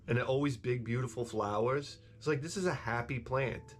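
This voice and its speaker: A man's voice: mid-range voice, brisk, few pauses, slight background noise. A middle-aged man chatting casually while streaming a game, rambling and profane, with wisecracks. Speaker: gameplay streamer. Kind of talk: casual chat while gaming.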